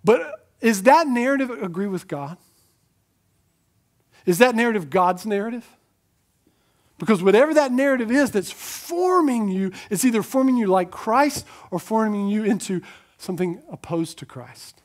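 A man's voice: sits high, lively intonation, moderate pace. A man preaching a sermon as pastor, emphatic, asking rhetorical questions, repeating key lines and tossing conversational asides to the congregation.

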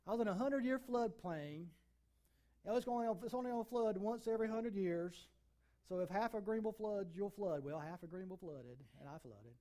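A middle-aged male pastor preaches a sermon in a high-sitting voice. He's emphatic, swinging suddenly between loud and soft.

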